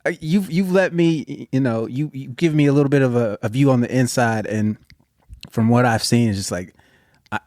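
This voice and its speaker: A man on a comedy podcast offering supportive words in halting bursts, with casual swearing mixed in. The sound is dry and close, with an ordinary male pitch. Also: a little mellow, no echo. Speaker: podcast co-host.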